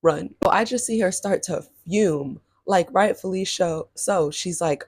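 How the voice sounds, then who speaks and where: A woman's voice: moderate pace, hardly any pauses, breathy edge, dry recording. Young woman spilling a storytime, super chatty, jumps way up on the quotes, dry close sound. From Southern California. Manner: animated, chatty, lots of "like" and "y'all", pitch leaps on quoted reactions. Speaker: storytime vlogger. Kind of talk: casual storytelling to camera.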